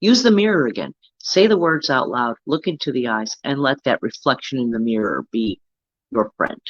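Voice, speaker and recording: A man's voice: medium pitch, fairly bright tone, breathy edge, dry recording, highs cut off. A man hosting a casual self-help talk, coaching earnestly and often checking in with "right?". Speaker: host.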